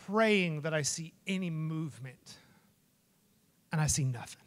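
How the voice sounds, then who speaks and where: A middle-aged man preaching a sermon as a lively storyteller, acting out voices and shouting names. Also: high voice. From Texas. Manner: animated storyteller, acts out quotes and shouts. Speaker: pastor.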